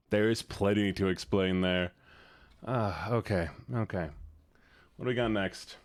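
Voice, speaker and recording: A man's voice: lowish voice, no echo. A man streaming live, reacting to viewer submissions in casual chat, often sighing, swearing and repeating himself in exasperation.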